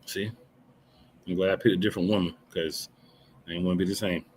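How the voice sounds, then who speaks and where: A man's voice: low-pitched, steady tone, fairly quick, a little mellow, slight background noise. A man co-hosting a casual wrestling podcast, blunt and dry with a sarcastic edge. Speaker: podcast co-host.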